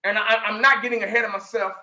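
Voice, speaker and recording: Talking fast with fairly even intonation, a middle-aged man from Texas hosts a fan channel and chats casually with his viewers. His fairly high voice is very bright and sharp, the room echoes, and he rambles, looping back and restarting thoughts often.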